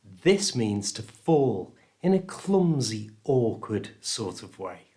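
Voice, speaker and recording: A British man from the United Kingdom teaches English pronunciation in a scripted lesson, carefully stressing each sound with clear coaching. His voice is fairly low-pitched, sing-song, and dark in tone, at a slow pace.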